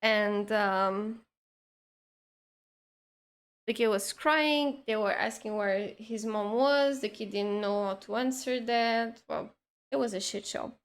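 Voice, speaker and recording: A woman's voice: mid-range voice, takes it slowly, smooth. A woman telling a long story in casual chat, rambling with lots of "like" and restarts. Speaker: streamer.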